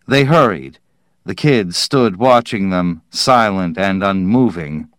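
Male audiobook narrator, low voice, deliberate pacing. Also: animated, fairly bright tone, no echo, clean studio sound. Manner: measured, deliberate reading.

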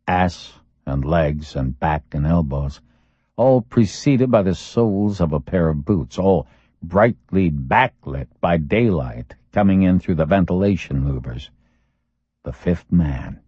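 A very low male voice, slightly rough, narrates a thriller audiobook at a steady, measured pace. The recording is dull and lo-fi, dry and close-miked, with no room sound or echo.

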